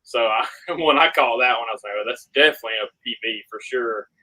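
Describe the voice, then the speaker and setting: A young man tells his fishing story as an interview guest. His voice is bright and forceful, and he acts out every exchange with animated energy. It comes across as casual, excited talk among anglers. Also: mid-range voice, quick pace, low-quality recording. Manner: animated, reenacts dialogue, laughs often.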